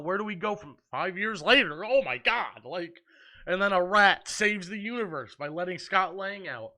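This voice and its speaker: A heartfelt man in his twenties talks through his favorite films in a relaxed vlog, often pausing on an um. His voice sits a little high and rings bright and forward. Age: 20s. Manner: earnest and heartfelt, with frequent ums. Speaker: movie review vlogger. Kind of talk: casual ranking chat.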